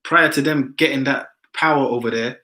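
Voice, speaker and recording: A man's voice: medium pitch, normal speed, pushed and bright, poor audio. A man in casual discussion, talking emphatically and ending many phrases with "man".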